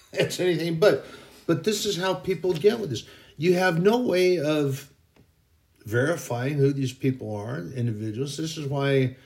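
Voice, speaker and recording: A man's voice: medium pitch, roomy sound. A man hosting a casual faith podcast, telling anecdotes in a rambling way that often corrects itself. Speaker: podcast host.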